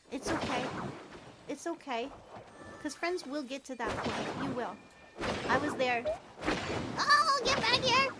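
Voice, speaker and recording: A young woman with a high voice, chatting to viewers while she plays a cozy game. She gushes sweetly, laughs softly and often clears her throat. A faint hiss sits under the recording. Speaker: streamer. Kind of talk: casual gameplay livestream chat. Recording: faint background noise.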